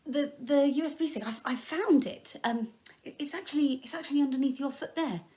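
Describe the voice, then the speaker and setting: A man's voice: very high voice, fairly quick, dark tone, voice pushed up. A man doing a sly, easygoing doctor crab. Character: sly clever male doctor, Crabbe the crab.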